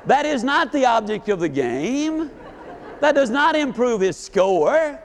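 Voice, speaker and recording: A man's voice: extremely high pitch, big pitch swings, measured pace, a faint crowd, slight background noise. A man giving a live motivational speech, telling folksy stories and putting questions to his audience. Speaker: motivational speaker.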